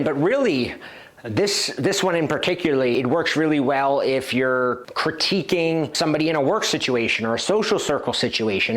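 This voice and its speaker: A man coaching listeners in a direct, self-assured way at a mid-range pitch. He works through numbered tips and drops quick example lines into his explanation. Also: a bit bright. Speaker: dating coach. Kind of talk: instructional talk to camera.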